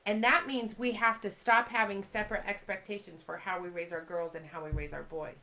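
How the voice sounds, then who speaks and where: Bright-voiced woman pleading with urgency. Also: medium pitch, fairly even intonation, a little fast, vocal fry, low-quality recording. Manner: urgent, pleading, repeats phrases for emphasis; reads and answers live comments. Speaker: livestream host. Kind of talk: impassioned direct-to-camera talk.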